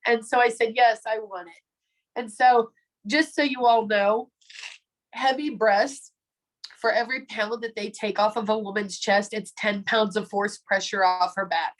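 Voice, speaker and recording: Woman in her forties, slightly high voice, chatty storyteller, video call testimony. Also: fairly even intonation, normal speed, rough recording. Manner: chatty storyteller, acts out quoted voices, frequent ums. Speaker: product distributor sharing a testimony.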